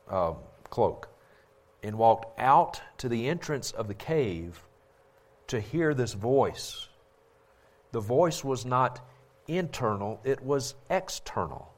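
A male Bible teacher with a medium-pitched voice gives critical commentary in a sermon-like style. He's forceful and insistent, repeating his points for emphasis.

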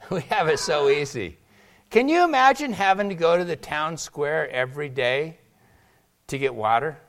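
Guy preaching in church, bright lively voice, lots of rhetorical questions. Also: a little high, unhurried, long pauses, a little hiss or hum. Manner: animated preacher, rhetorical questions, acted quotes. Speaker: pastor. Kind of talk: sermon.

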